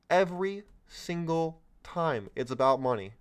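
A man's voice: fairly high pitch, expressive, a little slow, clear, resonant tone. A man hosting his own commentary podcast, talking in a sarcastic, mocking way with lots of exclamations. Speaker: podcast host. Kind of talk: solo political commentary podcast.

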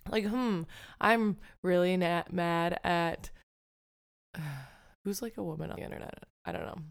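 Candid woman with a low, smooth voice. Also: unhurried. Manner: candid, rambling and self-deprecating, with frequent swearing. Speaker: podcast host. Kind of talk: casual solo podcast monologue.

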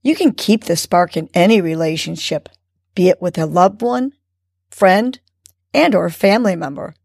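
A woman hosting a morning mindfulness segment, calmly and encouragingly guiding a breathing lesson for kids. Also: fairly low pitch, creaky, breathy edge, dry recording, studio quality. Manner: calm, slow, encouraging instruction.

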